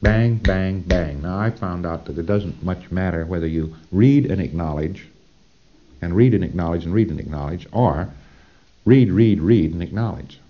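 A man's voice: deep voice, moderate pace, highs cut off. A man giving a conversational, emphatic training lecture, often checking in with "see?".

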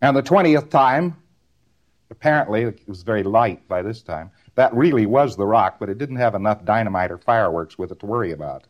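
A man's voice: lowish voice, expressive, fairly quick, lo-fi sound. A man giving a recorded lecture, rambling and repeating words in rhythmic runs, often ending on a tag question.

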